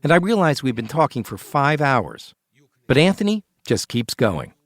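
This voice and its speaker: Lively scripted male narrator. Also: mid-range voice, no echo. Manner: measured, storytelling narration. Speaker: podcast host and narrator.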